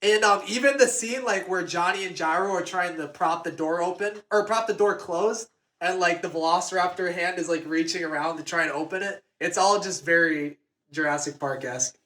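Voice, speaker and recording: Man, casual podcast co-host, slightly high voice, rambly, roomy phone recording. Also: fairly quick, pushed and bright. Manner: rambling, self-correcting. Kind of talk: casual book club chat. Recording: echoey room on a phone.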